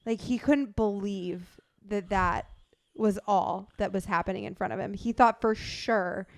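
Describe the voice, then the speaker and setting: Young woman, podcast co-host, animated storytelling, smooth clear voice. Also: mid-range voice, measured pace. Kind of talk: casual storytelling chat.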